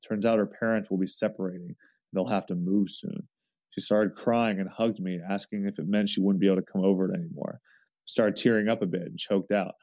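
A low, mellow man's voice reads a first-person forum story aloud, earnest and often restarting mid-sentence. The sound is dry and close, with a dull, lo-fi tone. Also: no echo.

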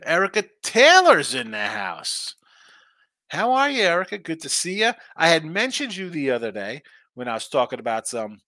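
A man hosts a live sports betting stream in a medium-pitched voice that is bright and forceful, recorded with no echo. Reading through viewer comments, he stays loose and chatty and banters with the chat.

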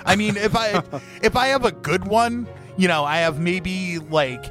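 A man's voice: high-pitched, a little slow, a bit bright, soft background music. A man on a podcast telling crude, self-deprecating jokes in casual banter. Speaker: podcast co-host.

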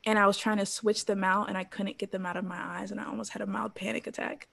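A woman in her thirties telling a personal story as an interview guest, animated, laughing often and acting out quotes. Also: mid-range voice, fast, vocal fry, breathy edge. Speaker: interview guest, former pro cheerleader.

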